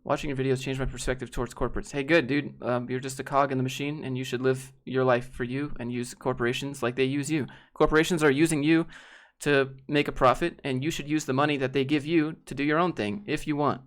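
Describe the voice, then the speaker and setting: A young man from Georgia hosting a casual livestream, reading chat and answering with quick, wry asides that trail off. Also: medium pitch, steady tone. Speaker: livestream host.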